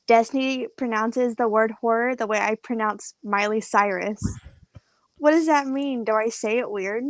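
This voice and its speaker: Woman, podcast co-host, slightly high voice, playful, blunt, casual swearing, dry sound. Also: measured pace, no echo, low-quality recording. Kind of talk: casual live podcast chat.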